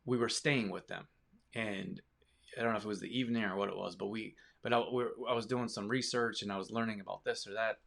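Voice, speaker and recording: A man with a lowish, gravelly voice talks to camera in a loose, rambling way, restarting sentences and wandering off on tangents. He speaks as the owner of a small business. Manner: rambling, many restarts, animated asides. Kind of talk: casual rambling talk to camera.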